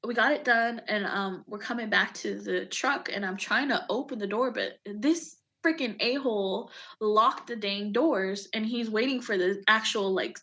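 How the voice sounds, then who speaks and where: A woman in her thirties, an Army veteran, telling a personal story in an emotional, animated way, with casual swearing and acted-out quotes. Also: mid-range voice, moderate pace, few pauses. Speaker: podcast guest, Army veteran.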